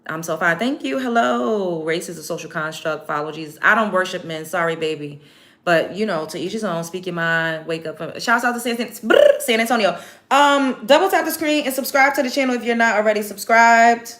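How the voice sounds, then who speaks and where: Woman, bright forceful voice, brash profane livestream chat. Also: mid-range voice, a little fast. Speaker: livestream host. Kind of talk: casual livestream chat reading comments. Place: home, doing makeup on camera.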